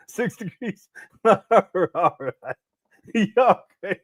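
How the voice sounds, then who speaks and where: A man's voice: high voice, animated, takes it slowly, no echo. A man hosting a livestream, chatting casually in loose, joking, profane reaction commentary and tripping over his words. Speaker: livestream host.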